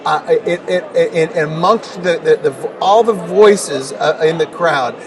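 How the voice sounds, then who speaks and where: In this conversational storytelling interview, a middle-aged male guest talks in a fairly high, unhurried voice, with crowd noise around him. His personal anecdotes are delivered with emphasis, full of repeated words and mounting rhetorical questions. A distant microphone picks him up along with noticeable noise.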